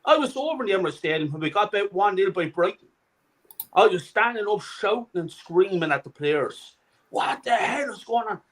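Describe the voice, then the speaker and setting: A middle-aged man tears into a furious, profane rant as a fan-channel co-host. His voice sits high and leaps all over the place as he shouts. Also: expressive, fairly quick, rough recording. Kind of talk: angry ranting fan commentary.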